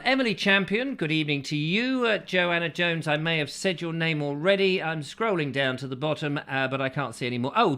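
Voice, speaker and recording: A man chats through a live stream, reading out names and joking around. His pitch jumps about in an animated way, and his tone is bright and forceful. He sounds playful and a touch silly. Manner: playful, jokey, drifting into silly voices. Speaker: host. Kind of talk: casual live-stream chat.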